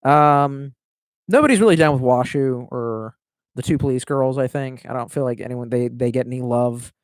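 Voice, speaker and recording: A man in his thirties chats casually on a live stream, reading viewer comments and rambling profanely while mocking himself. His mid-range voice is smooth and moderately paced, recorded cleanly in a studio with no echo.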